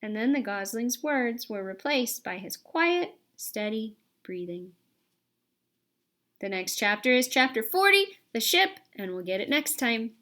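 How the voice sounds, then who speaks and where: A woman narrating a children's storybook aloud in a gentle, expressive read-aloud way. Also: a little high, unhurried. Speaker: audiobook reader.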